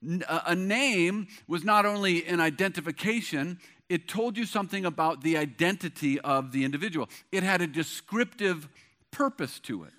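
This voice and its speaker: A man's voice: sits high, moderate pace, pushed and bright. A middle-aged man preaching a sermon as pastor, with an emphatic, repetitive cadence.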